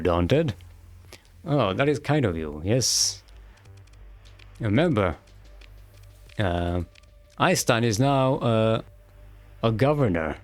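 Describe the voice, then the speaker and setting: A man rambles through a game stream, tossing out jokes and laughing at his own puns. He talks slowly on a close, dry mic, with faint music underneath. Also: mid-range voice, no room sound. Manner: rambling and joking, laughing often. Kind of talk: casual gameplay commentary.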